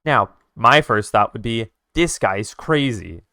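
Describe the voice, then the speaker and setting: A man streaming live, retelling a movie plot in a casual, swearing, animated way with sound effects. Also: mid-range voice, slow, no room sound, studio quality. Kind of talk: casual storytelling while drawing on stream.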